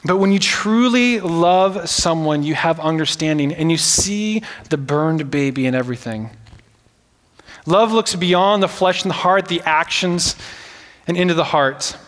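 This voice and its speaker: A man's voice: on the high side, a little slow, fairly bright tone. A man in his thirties preaching a casual, joking sermon as pastor, full of fillers like "like" and "right?". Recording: hall reverb.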